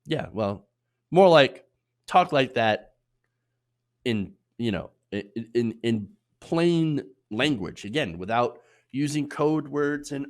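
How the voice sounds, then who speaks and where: A man's voice: medium pitch, animated, measured pace. A man hosting opinionated political commentary, sarcastic, with loose delivery and frequent restarts. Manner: sarcastic, mocking put-on voices for quotes.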